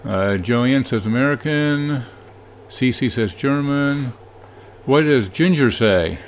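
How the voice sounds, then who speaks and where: A man co-hosts a live painting show, reading trivia questions and viewer answers aloud. He teases the host in a dry way and rattles off names quickly. His voice sits at an ordinary middle pitch for a man. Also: expressive, a little hiss or hum. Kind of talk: casual live-show banter.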